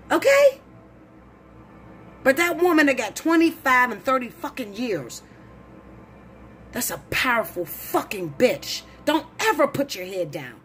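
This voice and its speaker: Blunt, profane woman ranting, voice leaping high. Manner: blunt, profane, preachy, rising to shouts. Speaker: tarot reader. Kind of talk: heated monologue to camera.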